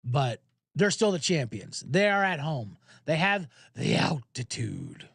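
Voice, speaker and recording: A man hosting a sports betting podcast, talking casually in an animated, profane, rambling way. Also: on the high side, slow, vocal fry, breathy edge, no room sound, clean studio sound.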